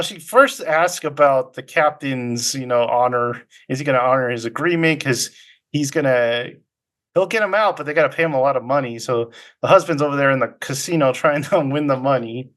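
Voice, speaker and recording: A man casually recapping a film's plot as podcast host, rambling and halting with many fillers and quick imitations of characters. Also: medium pitch, a bit bright.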